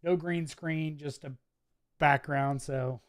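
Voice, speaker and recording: A man's voice: on the high side, fairly even intonation, slow, dry recording, clean studio sound. A man with a mixed Midwest and Southern US accent hosts a casual live chat, reading viewer comments in a chatty, laid-back way and laughing often. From US Midwest, Wisconsin. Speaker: livestream host. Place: home office.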